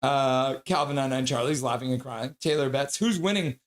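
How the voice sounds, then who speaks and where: A man calling a hockey game play-by-play on a live stream and reading viewer chat aloud. He is excitable, whooping and shouting at goals and laughing along with the comments. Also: mid-range voice, moderate pace.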